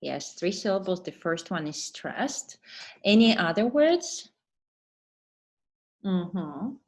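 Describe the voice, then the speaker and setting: A woman teacher trainer giving an online webinar lesson, explaining patiently and pausing to read answers from the chat. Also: fairly low pitch, very animated, a little mellow.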